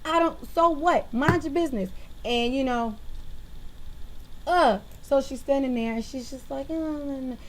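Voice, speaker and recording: A woman venting to her viewers in a casual monologue into a webcam, animated and exasperated. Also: sits high, measured pace, long pauses, poor audio. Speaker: vlogger.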